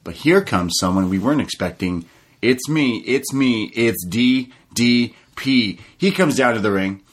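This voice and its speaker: Man, podcast co-host, casual wrestling recap chat, laughs often, animated, mid-pitched voice. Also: unhurried.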